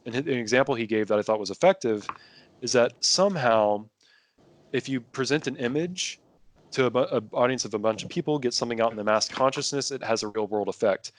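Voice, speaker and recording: A man's voice: medium pitch, brisk, dry recording. A man talking casually as a podcast guest, rambling with many restarts and fillers. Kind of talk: casual conversation.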